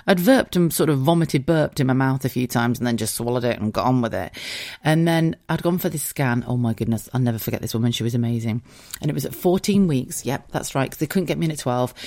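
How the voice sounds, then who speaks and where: A woman with a rumbling low, mellow voice hosts a podcast and tells a personal story casually and in a rambling way. She's open, emotional and a little sweary, chatty with asides and frequent laughter.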